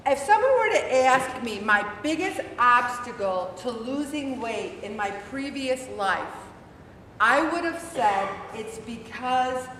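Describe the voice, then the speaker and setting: A middle-aged woman with a high, bright voice leads a faith-based support group. She acts out her own inner arguments with energy. She is recorded from far off in an echoey church room. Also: a little hiss or hum. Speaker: weight-loss support group leader.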